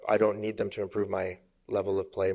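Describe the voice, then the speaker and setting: A middle-aged man from Canada speaks in a fairly low voice, firm and emphatic. He talks as a business coach in a studio interview, pressing his points and pausing to ask whether they land. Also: completely flat delivery, a little mellow. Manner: emphatic, uses sparring metaphors, asks "make sense?". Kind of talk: conversational podcast interview. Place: podcast studio.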